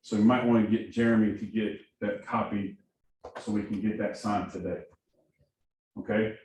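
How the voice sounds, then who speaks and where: With a fairly low pitch and normal speed, a Southern-accented productivity coach from Missouri runs a training class for new agents, energetically asking "right?" again and again. The recording is far off and echoey, with faint hiss.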